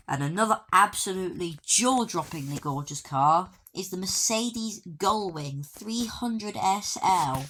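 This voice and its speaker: Woman, casual game walkthrough narrator, low voice, dry offhand humour. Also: unhurried, hardly any pauses, fairly bright tone, a little hiss or hum. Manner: dry, offhand joking asides. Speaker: gaming video creator.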